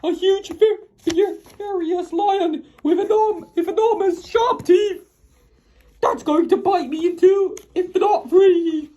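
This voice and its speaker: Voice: very high voice, takes it slowly, mellow. An AI-generated voice playing a timid little male jelly man who wails and stammers in constant fear. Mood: panicked. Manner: shrieking, wailing and stammering in panic. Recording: dull lo-fi AI voice audio.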